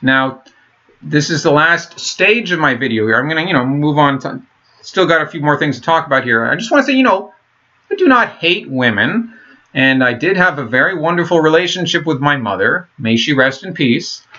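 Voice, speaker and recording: A man rambles through a casual vlog monologue in a bright, forceful voice. He talks in halting, profane bursts and restarts often. The recording is muffled and lo-fi. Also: on the high side, big pitch swings. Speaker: vlogger.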